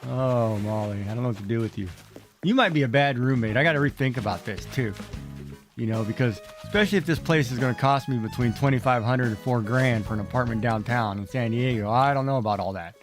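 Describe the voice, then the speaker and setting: A man's voice: mid-range voice, quick pace, faint music behind. Middle-aged man, casual game streamer, rambling and exclamatory, mid-range voice. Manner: rambling, exclamatory, talks back to game characters. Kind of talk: casual chat while playing.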